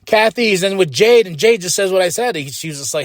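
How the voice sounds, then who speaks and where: High-voiced man recapping wrestling. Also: no echo. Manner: animated, paraphrases wrestlers in quick put-on voices, chuckles. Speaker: podcast host.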